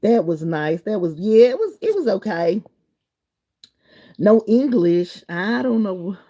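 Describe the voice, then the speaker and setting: A woman's voice: medium pitch, sing-song, slow pace. A middle-aged woman, hosting a live stream, chatting loosely with viewers and reading their comments in an encouraging way. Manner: chatty, warm and encouraging, wanders between topics.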